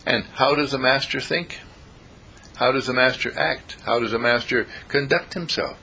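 A man's voice: medium pitch, moderate pace, vocal fry, a little hiss or hum. A man preaching a sermon, telling stories and acting out the characters in them. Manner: animated, acts out characters in the stories. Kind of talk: sermon with storytelling.

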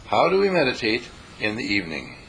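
A man's voice: mid-range voice, wildly swooping pitch, a little fast, a bit bright, low-quality recording. A man teaching meditation in a folksy, repetitive way, slipping into panicked voices to make his points, over faint noise. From California. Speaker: dean and spiritual teacher. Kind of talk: spoken meditation lesson.

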